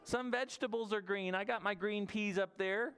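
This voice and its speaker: A man leading a toddler story time at a library, animated and sing-song as he encourages the children. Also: sits high, moderate pace, clear, resonant tone. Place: public library room.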